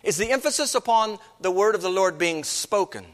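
A man's voice: high voice, animated, a little fast, big-room sound. A man preaching a sermon as pastor, earnest, with many rhetorical questions.

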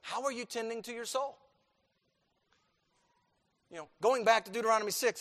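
High-voiced preacher in a reverberant hall. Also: male voice, normal speed. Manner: emphatic, repeats key phrases, swings from loud to quiet. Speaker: pastor. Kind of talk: sermon. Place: church sanctuary.

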